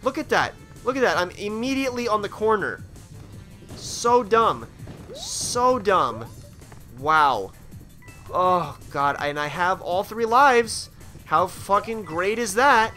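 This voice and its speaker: A man commentating his own game play, excitable and prone to panicked, swearing outbursts while talking to the game character. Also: high voice, slow pace, soft background music. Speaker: gaming let's play host.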